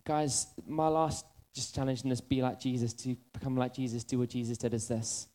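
A man preaching a sermon, telling funny stories about himself and then easing into soft, earnest appeals. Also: mid-range voice, fairly quick. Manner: animated storytelling, drifting into soft earnest appeals.

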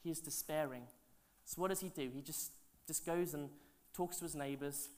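A man, a pastor telling stories in a sermon, animated and chatty with asides to the congregation, his voice swinging from loud to hushed. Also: on the high side, moderate pace. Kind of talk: sermon storytelling.

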